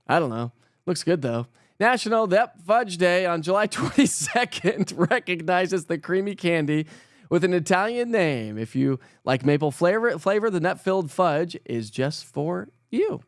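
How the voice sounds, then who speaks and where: A man hosting a relaxed morning weather stream, chatting with viewers and poking fun at his own stumbles over words. His voice sits fairly high, and the sound is dry and close with no room echo. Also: normal speed. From Colorado. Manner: chatty, self-mocking, laughs often, stumbles over words. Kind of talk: casual live-stream chat reading viewer comments.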